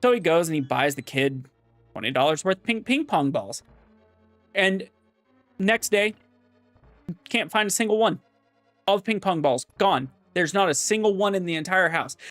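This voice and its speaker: A man's voice: sits high, lively intonation, a bit bright, no room sound, soft background music. A man telling a long rambling joke in casual, restart-filled chat while gaming. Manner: casual, repetitive restarts, drawn-out storytelling. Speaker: gaming vlogger.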